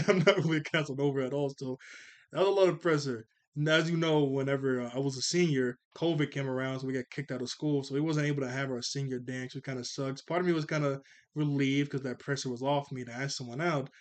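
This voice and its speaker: A man in his twenties casually reviewing a cartoon episode, rambling and often correcting himself. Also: mid-range voice. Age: 20s. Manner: rambling, laid-back, self-correcting.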